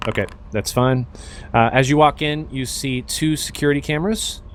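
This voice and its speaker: A man's voice: medium pitch, moderate pace. Game master man with many ums. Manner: relaxed, with many fillers. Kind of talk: narrating a tabletop game.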